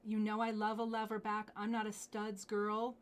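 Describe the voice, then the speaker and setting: Woman, live sales host, enthusiastic, gushing, hushed asides. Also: medium pitch, completely flat delivery, moderate pace, slight background noise. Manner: gushing, breathy asides, drops to hushed whispers over pieces. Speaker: jewelry live-stream host.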